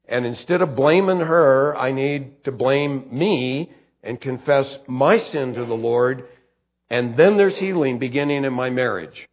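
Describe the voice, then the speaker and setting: A male pastor preaching a conversational sermon, acting out quoted lines and stumbling over quick restarts. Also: medium pitch, muffled recording.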